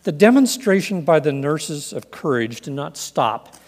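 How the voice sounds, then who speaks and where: A man preaching a sermon in an earnest, measured way, reading scripture and telling stories. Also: a little high, very animated, long reverb tail. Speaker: pastor.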